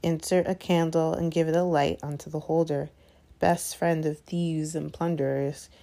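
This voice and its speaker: Woman reading as a sycophantic male shopkeeper in a storybook; oily, grovelling, low gravelly tone. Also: fairly even intonation, normal speed, mellow. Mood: fawning. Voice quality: oily, ingratiating. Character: oily, fawning male shopkeeper, middle-aged.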